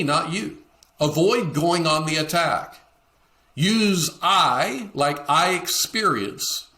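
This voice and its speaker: Bright-voiced man hosting a leadership podcast. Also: a little high. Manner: acts out quoted dialogue in shifting voices. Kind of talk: solo podcast teaching talk.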